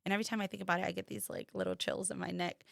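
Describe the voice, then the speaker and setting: A woman from the United States telling a personal story as a podcast guest, animated and quoting others in lively voices. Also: fairly low pitch, very fast, creaky, no room sound, clean studio sound.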